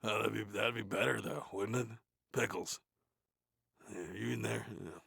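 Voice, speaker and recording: A bored cartoon death metal frontman with a sore throat, reading in a low, heavily gravelly growl. His voice is husky yet has a hard, forceful edge. He mumbles crude, swearing asides and sounds close and dry. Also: steady tone, moderate pace, no room sound, heavily acted. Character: gruff, grumbling male death metal frontman. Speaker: reader of a play. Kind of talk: comedic in-character reading.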